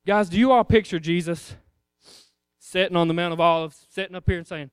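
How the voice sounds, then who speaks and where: A man's voice: high-pitched, steady tone, fairly quick, smooth, dry recording, studio quality. A man preaching an informal sermon in a conversational way, firing rhetorical questions at the congregation.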